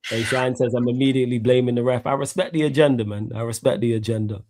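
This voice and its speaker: Here is a man hosting a casual live stream. His talk is laid-back and full of laughing banter and slang. His voice sits at a middle pitch. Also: steady tone, fast talker, darkish tone, a little hiss or hum. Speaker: host.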